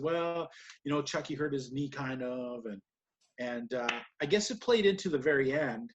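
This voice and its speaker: A man co-hosting a podcast, recapping wrestling matches in casual, rambling chat and laughing often. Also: on the high side. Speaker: podcast co-host.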